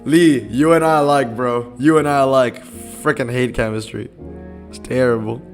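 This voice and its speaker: A man's voice: medium pitch, steady tone, moderate pace, faint music behind. Laid-back young male game streamer. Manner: rambling, laid-back, reads chat aloud. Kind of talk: casual live-stream chat.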